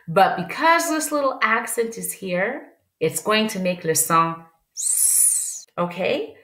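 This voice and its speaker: Woman teacher for a kids' lesson, very slow careful enunciation, bright tone. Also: mid-range voice, echoey room. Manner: slow, exaggerated enunciation, repeating words; switches between English and French. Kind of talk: children's language lesson.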